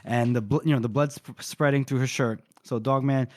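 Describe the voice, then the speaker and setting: Excitable man recapping a book. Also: medium pitch, no echo, studio quality. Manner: excitable, narrates battles fast and acts out characters' lines. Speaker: podcast co-host. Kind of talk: casual chat, recapping a book chapter.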